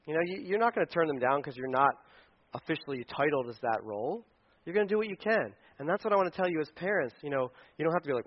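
A man's voice: on the high side, sing-song, quick pace. A man preaching a casual, joking sermon to parents, acting out little scenes in funny voices. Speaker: pastor speaking to parents. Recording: dull lo-fi sound.

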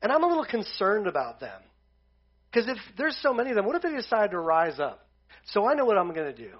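A man's voice: sits high, wildly swooping pitch, fast, full character voice. A scheming ancient king talking like a modern guy, as a teacher puts him on. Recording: dull lo-fi sound.

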